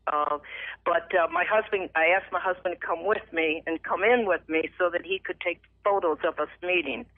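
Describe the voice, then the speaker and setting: A middle-aged woman telling her personal faith testimony as a radio guest, emotional and animated, acting out the voices in her story. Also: fairly low pitch, normal speed, no room sound. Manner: emotional, animated retelling with lively acted quotes. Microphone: phone. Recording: tinny dry phone line.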